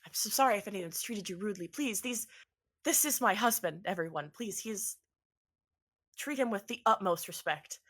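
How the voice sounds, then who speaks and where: A woman's voice: medium pitch, lively intonation, normal speed, fairly bright tone. A woman voicing a frantic, tearful woman who pleads breathlessly while searching for her husband. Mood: flustered.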